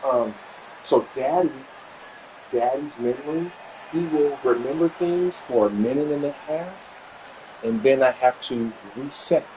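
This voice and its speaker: A man casually telling a personal story, animated and repeating himself as he acts out what was said. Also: measured pace, slight background noise, low-quality recording. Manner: animated, acts out quoted dialogue with pitch jumps; repetitive, stumbling restarts. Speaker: vlogger sharing a family update.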